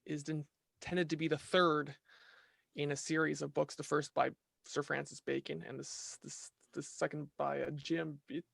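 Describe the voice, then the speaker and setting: A man talking as a podcast guest in casual conversation, animated, restarting his sentences and asking "right?" often. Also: on the high side, unhurried, vocal fry, slightly rough, no room sound.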